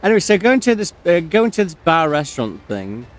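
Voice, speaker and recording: Fairly quick and a little high-pitched, with big swings in pitch, a man rambles through a long personal story as he plays a game. He uses plenty of fillers and stops now and then to comment on the on-screen action.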